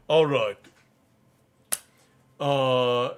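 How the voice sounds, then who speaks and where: A man's voice: medium pitch, normal speed, long pauses. A young man streaming, reading a novel aloud and chatting casually, teasing his pets. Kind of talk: audiobook-style narration and casual stream chat.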